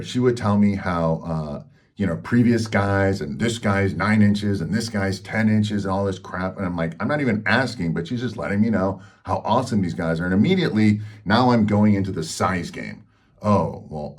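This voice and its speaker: A man hosting a health channel, telling a personal story in a frank, rambling way with lots of fillers. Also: sits low.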